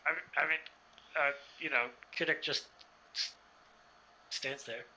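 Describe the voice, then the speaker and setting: A man's voice: on the high side, fairly even intonation, slow pace, sharp tone, slight background noise, rough recording. A man playing a tabletop game, narrating his character hesitantly with many fillers. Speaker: player.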